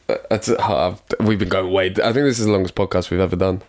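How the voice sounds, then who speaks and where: A young Englishman with a very low voice co-hosts a casual football podcast. He sounds stuffed up and rambles along, mocking himself and apologising. His talk is loose and unscripted. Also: fairly even intonation, fast, a little mellow. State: congested. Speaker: podcast co-host.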